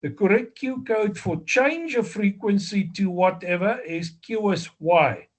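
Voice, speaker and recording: A man with a South African accent giving a slow, deliberate exam review lecture, explaining step by step with fillers and self-corrections. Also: high-pitched. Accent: South African English. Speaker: amateur radio exam instructor.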